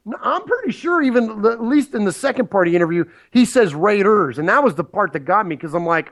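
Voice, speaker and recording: A man's voice: high voice, very animated, fast, hardly any pauses, fairly bright tone. A man co-hosting a sports podcast, ranting casually with lots of restarts. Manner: rambling, indignant, many restarts.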